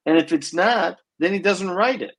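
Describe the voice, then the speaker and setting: A man's voice: sits high, normal speed, poor audio. A man co-hosting a coaching podcast in casual chat, rambling with lots of "um" and "you know". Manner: rambling, many fillers and restarts. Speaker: swim coach, podcast co-host.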